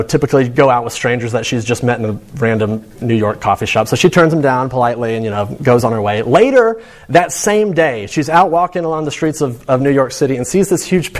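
A man's voice: medium pitch, a little mellow. Conversational male preacher. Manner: conversational, storytelling. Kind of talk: sermon to students.

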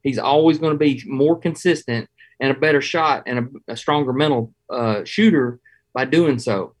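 A man from Georgia with a Southern accent, telling hunting stories in a folksy, animated way during a casual interview. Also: medium pitch, moderate pace. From Georgia, USA. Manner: folksy, animated, chuckles as he talks. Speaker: hunting guest.

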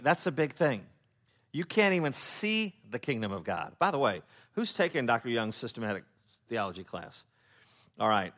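A man's voice: mid-range voice, fairly bright tone. Man preaching in a loose, joking style. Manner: humorous, acts out quoted voices; loose, with many fillers and restarts. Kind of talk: conversational Bible teaching.

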